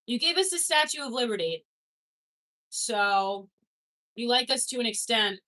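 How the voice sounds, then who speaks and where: A young woman streamer from Canada chats casually with her viewers. Her voice sits a little high, and she talks loosely, swears now and then, and laughs easily as she reacts to comments. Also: expressive, measured pace, pushed and bright. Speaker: streamer reading chat. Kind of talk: casual livestream chat.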